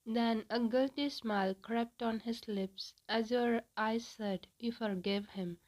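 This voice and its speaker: A woman reading a fan fiction story aloud in an even, unhurried storytelling manner. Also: a little high, low-quality recording.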